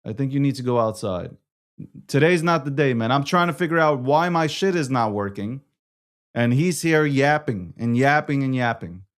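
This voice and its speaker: A man's voice: mid-range voice, animated, moderate pace. A man hosting a live stream, frustrated and swearing, repeating himself as he struggles with his setup. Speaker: livestream host.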